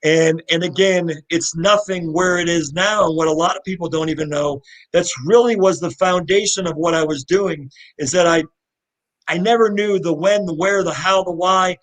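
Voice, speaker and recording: Here the Louisville, Kentucky guest, a middle-aged man, pitches high and talks at normal speed over a rough recording. It's live interview storytelling, delivered with earnest feeling, animation and frequent false starts.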